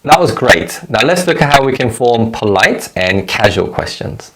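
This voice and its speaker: A man teaching a recorded language lesson, giving clear, measured explanations and modeling example phrases for learners to repeat. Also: mid-range voice, sing-song, fairly bright tone.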